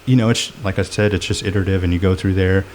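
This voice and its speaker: A man's voice: low-pitched, fairly even intonation, fast, darkish tone, a little hiss or hum. A middle-aged man talking through his experiences in a reflective, rambling way, full of fillers, as a guest in a casual podcast chat. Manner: reflective, talks in long rambling runs with many fillers.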